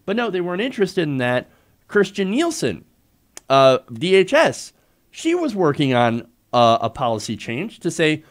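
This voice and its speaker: A man's voice: fairly high pitch, big pitch swings, normal speed. A man giving opinionated political commentary in a sarcastic, mocking way.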